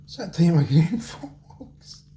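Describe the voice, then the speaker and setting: A Scottish home cooking channel host makes a casual cooking demo in his echoey kitchen, cheeky and chatty, talking directly to viewers like they're friends. His mellow voice sits a little high and is very animated but slow, with a roomy echo and faint background noise.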